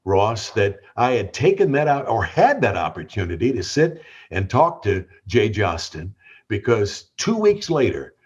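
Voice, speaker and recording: Older Southern man, husky storyteller. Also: fairly low pitch, wildly swooping pitch, a little slow. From Tennessee. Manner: warm anecdotal storyteller with repeated restarts. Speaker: guest, veteran radio DJ. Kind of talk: storytelling interview.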